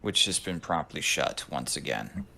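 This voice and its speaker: Man, game master, very deep voice, terse, matter-of-fact. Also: expressive, unhurried, gravelly, pushed and bright. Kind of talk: narrating a tabletop game.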